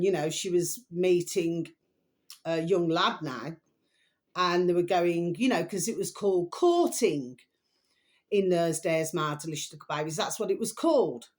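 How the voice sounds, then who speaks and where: Middle-aged woman, vlog host, rambling, emphatic opinion chat. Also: fairly low pitch. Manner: rambling, chatty, repeats pet phrases, emphatic. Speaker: vlogger host. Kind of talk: casual opinion monologue to camera.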